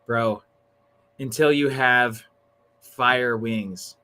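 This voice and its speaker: A man hosting a casual livestream, chatting excitedly and tossing in slang like "dude" and "bro". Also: medium pitch, extremely slow, smooth. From Northern California. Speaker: livestream host.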